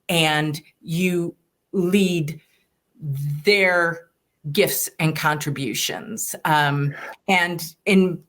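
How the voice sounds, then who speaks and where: A woman with a slightly low voice hosts a podcast interview. She speaks in a measured, deliberate way, weighing each phrase as she sums up her guest's ideas. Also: a bit bright. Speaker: podcast host. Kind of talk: interview host summarizing.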